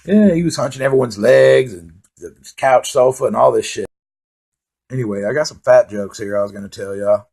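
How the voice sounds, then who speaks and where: Gravelly, profane comedian. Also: male voice, fairly low pitch, a little fast, a little mellow. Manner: rambling, profane, full of fillers. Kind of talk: stand-up monologue.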